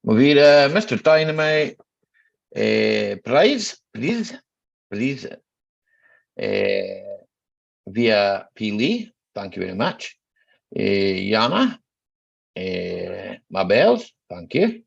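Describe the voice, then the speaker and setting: Gravelly man hosting a live chat. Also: lowish voice, huge pitch swings, extremely slow, long pauses, highs cut off. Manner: chatty, greeting viewers by name. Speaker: livestream host.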